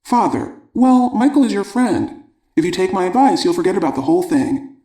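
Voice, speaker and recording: Dad lecturing his kid, read by a guy, mellow voice, roomy echo. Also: sits high, sing-song, fairly quick, far from the mic, pitched above the performer's own voice. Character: lecturing father, impatient with his son.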